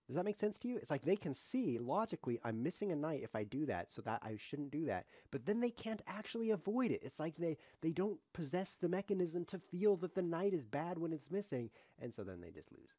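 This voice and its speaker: Animated joking man, dry close sound. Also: on the high side, a little fast, hardly any pauses, dry recording. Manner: joking, self-mocking, animated; mutters quietly while thinking over moves. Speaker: streamer. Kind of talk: live chess commentary.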